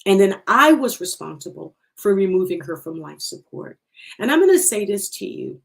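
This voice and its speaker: A middle-aged woman hosting a livestream, sharing an emotional personal testimony, slow and heartfelt, repeating phrases for emphasis, her voice breaking at times. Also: mid-range voice, big pitch swings, creaky.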